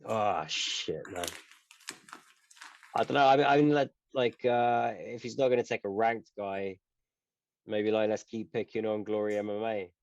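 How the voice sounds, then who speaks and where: A man's voice: on the low side, a little slow. A man co-hosting a podcast, talking casually in a rambling way with lots of fillers and swearing. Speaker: podcast co-host. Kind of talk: casual chat. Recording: muffled, dry lo-fi sound.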